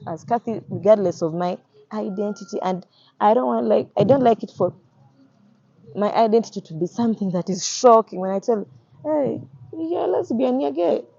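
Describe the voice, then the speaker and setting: A woman's voice: medium pitch, a little fast, mellow, dry recording. A young woman with a Ugandan accent, speaking earnestly in a personal testimony and often repeating her phrases. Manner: earnest, repeats phrases, acts out quoted voices. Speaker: activist. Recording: slightly muffled audio.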